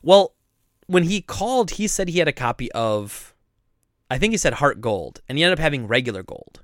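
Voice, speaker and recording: A man running a game store, telling customer stories in a casual, animated chat and acting out the people involved. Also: a little high, normal speed, dry recording, clean studio sound. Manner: animated, laughing, acts out customers and coworkers. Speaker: game store owner, podcast host.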